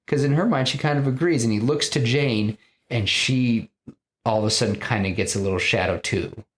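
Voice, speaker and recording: A man hosting a podcast, casually pitching a story in an animated, rambling way with lots of fillers. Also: moderate pace. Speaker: podcast host.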